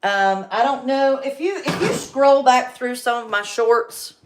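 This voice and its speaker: Woman in her forties, chatty livestream talk, slightly high voice, animated and quick to laugh. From North Carolina. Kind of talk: casual livestream chat.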